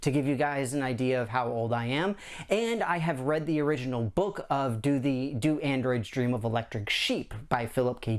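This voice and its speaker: Upbeat middle-aged male board game host. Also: a little high. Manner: enthusiastic, rambling, upbeat. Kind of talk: casual countdown chat to camera.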